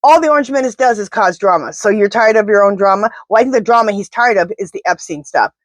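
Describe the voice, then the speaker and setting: A woman's voice: mid-range voice, fast talker, no echo. Woman doing a chatty tarot read, blunt and fired up, dry close sound. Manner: talks to her spirit guides and pendulum, blunt and indignant. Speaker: tarot reader. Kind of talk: casual tarot reading monologue.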